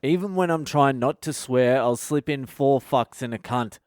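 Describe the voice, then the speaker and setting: A male comedian hosting his podcast, telling a funny story in a casual, animated way and swearing constantly. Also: medium pitch, normal speed, smooth, no room sound, clean studio sound. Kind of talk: casual comic storytelling monologue.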